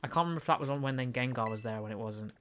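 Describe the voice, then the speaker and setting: Young british guy streaming, rambly, keeps restarting his sentences, mid pitched, bit of faint noise behind. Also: racing, fairly bright tone. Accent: British English. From United Kingdom. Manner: rambling, stumbling restarts, reads and answers chat. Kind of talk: casual live-stream chat while gaming.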